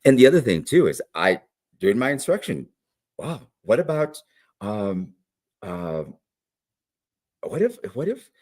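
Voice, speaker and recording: A man in a conversational interview, explaining teaching methods with animated emphasis and frequent "right?" check-ins. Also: mid-range voice, measured pace, pauses often. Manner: animated, demonstrates sounds, frequent "right?" and "all right?". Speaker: guest literacy educator.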